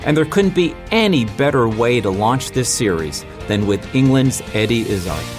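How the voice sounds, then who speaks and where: A man's voice: medium pitch, expressive, normal speed. Male host over music. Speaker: podcast host and interviewer. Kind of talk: scripted introduction and interview.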